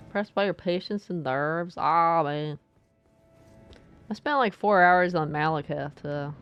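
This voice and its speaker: A woman's voice: low-pitched, measured pace, a bit bright, clear, resonant tone, muffled recording, soft background music. A woman streaming a video game live, chatting playfully and talking back to the game as she plays. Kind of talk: live gaming commentary.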